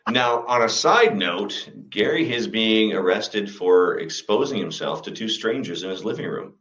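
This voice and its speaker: A man co-hosting a podcast, cracking dry deadpan jokes. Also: lowish voice, moderate pace, echoey room, dull audio. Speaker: podcast co-host. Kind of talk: casual chat.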